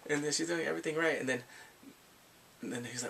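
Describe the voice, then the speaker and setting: A man giving a casual, animated recap of a drama, acting out the characters' lines in sudden squeals. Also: a little high, moderate pace, gravelly, long pauses, a little hiss or hum. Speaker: drama reviewer.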